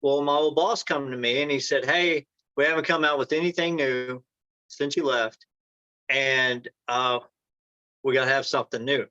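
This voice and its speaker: A man in a casual interview, spinning rambling stories and acting out what others said. His voice sits at an ordinary pitch. The recording is dry and a little dull, like a modest lo-fi setup. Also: normal speed, sharp tone, no room sound. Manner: rambling anecdotes, acts out quoted dialogue. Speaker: entrepreneur guest.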